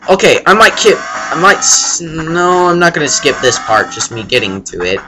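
A young let's play gamer rambles through crude, casual commentary as he plays, breaking into sudden yelps. His fairly high voice is very animated at a moderate pace, with background noise and loud game music behind.

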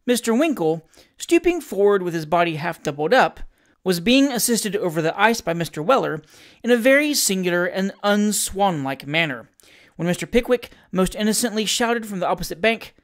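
Narrator, classic novel audiobook, measured, expressive. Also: mid-range voice.

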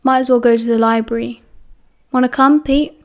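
Storybook: woman doing a terse British schoolboy, flat, dry, short with people. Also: on the high side, normal speed, natural voice. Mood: curt. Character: tall, dry, irritable teenage boy.

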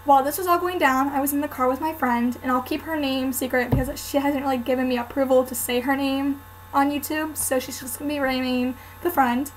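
A woman's voice: high-pitched, fairly even intonation, a little fast, a little hiss or hum, rough recording. A young woman vlogger chatting casually to camera, telling a story with lots of "um" and "like". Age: student.

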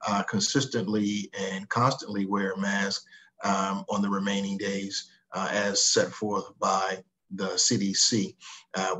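A man giving a public health update over a video call, halting with many uhs and ums. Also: fairly low pitch, bright, forceful tone, poor audio. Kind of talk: official briefing update.

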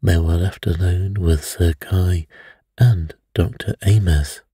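A man reading a mystery aloud as a bedtime story in a soft, soothing way. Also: sits low, fairly even intonation, slow, husky, dry recording, studio quality.

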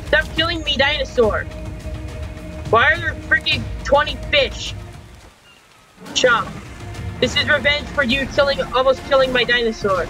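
A man's voice: very high-pitched, moderate pace, music in the background. A young man commenting on his gameplay, frustrated and complaining, with frequent mild swearing. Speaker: gaming channel host. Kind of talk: game commentary.

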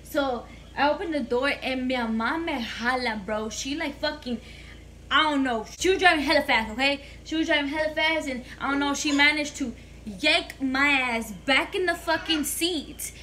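A woman's voice: high voice, normal speed, pushed and bright, a little hiss or hum. A young woman vlogger telling a casual storytime monologue, chatty and full of swearing, slipping in Spanish phrases.

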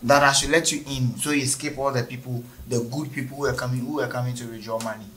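A man's voice: mid-range voice, steady tone, fast, a bit bright, husky, rough recording. A man playing a rude, arrogant bank officer who talks down to a customer. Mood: irritated. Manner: scornful, bossy, dismissive. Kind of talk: short film acting.

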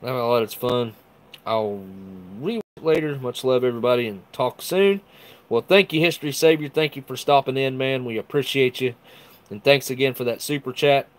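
Male live-stream host, mid-pitched, casual and excitable, talks to his chat. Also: normal speed. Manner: enthusiastic, chatty, reads viewer comments aloud.

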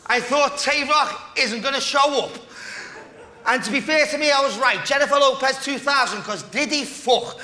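A man battle rapping live, brash and shouting. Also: very high voice, normal speed, noisy background. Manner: shouted, brash, keeps yelling "listen". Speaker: battle rapper. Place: event hall with crowd. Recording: echoey venue, loud crowd.

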